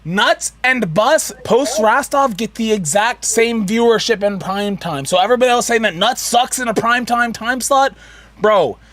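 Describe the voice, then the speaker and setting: A drunk man co-hosting a livestream, ranting loudly and swearing. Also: very high-pitched, moderate pace. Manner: loud, profane ranting. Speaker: co-host of a livestream show. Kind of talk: casual livestream chat.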